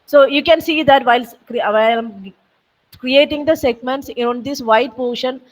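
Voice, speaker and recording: A woman walks trainees through a program step by step on a video call. Her voice sits a little high and patient, pausing on fillers as she repeats the steps. The sound comes from a distant laptop mic. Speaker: software trainer. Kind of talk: online training session walkthrough.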